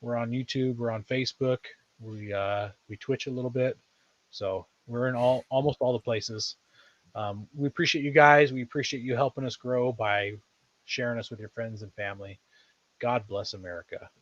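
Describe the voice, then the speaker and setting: A man's voice: mid-range voice, fairly even intonation, moderate pace, fairly bright tone, muffled recording. A man hosting a podcast in casual chat, rambling and thinking aloud as he talks. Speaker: podcast host.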